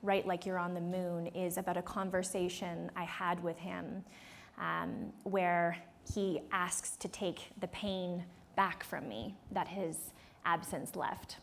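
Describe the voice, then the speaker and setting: Her voice is lowish, steady, slow and gravelly, with a faint hiss or hum on the recording. A woman in her thirties, she's running a live workshop in a conference room, telling a story chattily, performing the dialogue, laughing frequently and addressing the audience directly.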